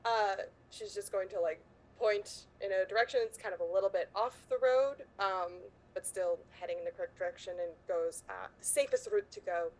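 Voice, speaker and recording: A woman's voice: mid-range voice, normal speed, rough recording. A woman playing a tabletop game, speaking hesitantly and apologetically with stammered restarts. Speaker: player.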